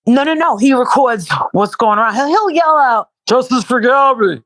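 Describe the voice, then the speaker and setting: The interview guest, aching and exhausted from protesting, has a high voice and sounds animated at a normal speed. In casual chat she's blunt and profane, repeating herself in bursts, on a dry, low-quality recording.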